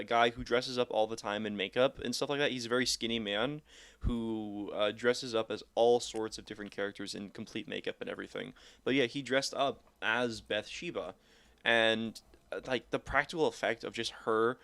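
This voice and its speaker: A young man co-hosting a podcast in casual chat, excitable and swearing a lot, acting out movie lines as he retells scenes. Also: mid-range voice, moderate pace, clear, resonant tone, no echo. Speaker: podcast co-host.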